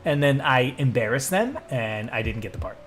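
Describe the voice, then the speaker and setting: A young man, a streamer and voice actor, chatting casually with his live chat, excitable and swearing freely as he drifts into tangents. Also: medium pitch, normal speed, faint music behind.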